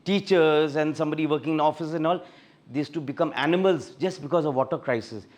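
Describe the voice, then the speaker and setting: Indian man telling his testimony, slightly high. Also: fast. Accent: Indian English. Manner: storytelling, animated when reliving scenes. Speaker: guest speaker sharing a testimony. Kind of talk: personal testimony talk.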